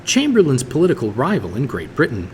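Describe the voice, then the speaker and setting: A man's voice: mid-range voice, fast, a little hiss or hum. Man reading a history textbook in a reverberant room. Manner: steady reading with occasional small stumbles and self-corrections. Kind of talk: read-aloud textbook narration.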